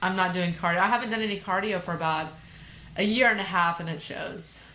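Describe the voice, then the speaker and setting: A chatty woman hosting a podcast, talking casually and often restarting her sentences. Her voice sits at an ordinary pitch in a roomy space with some echo. A faint hiss runs underneath. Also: fairly quick, sharp tone. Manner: chatty, self-deprecating, stumbles and restarts. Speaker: podcast host. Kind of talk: casual chat.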